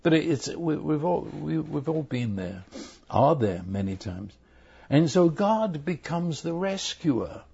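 An older man preaching a sermon, earnest and halting, often repeating his words as he goes. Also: fairly high pitch, big pitch swings, vocal fry, mellow, husky. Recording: dull lo-fi recording.

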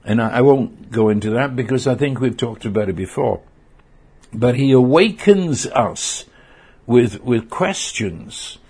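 A man preaching a sermon, earnest and halting, often repeating words as he searches for them. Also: mid-range voice, animated, a little mellow, slightly rough.

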